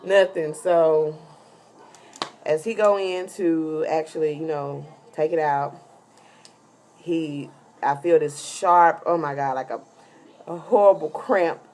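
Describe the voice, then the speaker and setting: A woman's voice: low voice, fairly even intonation, slow pace, pauses often, a little mellow. A heavily pregnant woman telling a rambling, casual story in a vlog, full of fillers. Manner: chatty, rambling with many fillers. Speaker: vlogger giving a pregnancy update.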